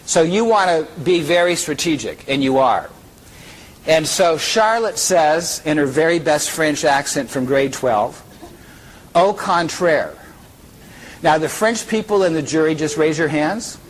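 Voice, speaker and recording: In a low-quality recording, a keynote speaker with a fairly high voice talks at a normal pace. Lively and joking, he brings people from the audience up on stage to perform a story with him.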